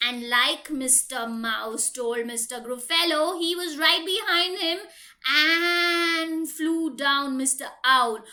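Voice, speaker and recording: A woman, a preschool teacher telling a story to children in an animated, sing-song way. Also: sits high, slow.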